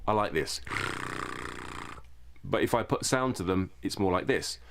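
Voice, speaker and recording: A man with a British accent giving a calm, step-by-step voice tutorial from a played video. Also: fairly low pitch, heavy background noise. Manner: calm, explanatory, measured. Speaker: voice coach. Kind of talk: instructional tutorial.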